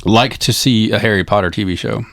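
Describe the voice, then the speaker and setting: A man's voice: fairly low pitch, a little fast, creaky, a bit bright, no echo. A man co-hosting a casual podcast chat, easygoing and nostalgic, peppering his talk with "like". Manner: easygoing, nostalgic, lots of fillers like "like". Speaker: podcast co-host.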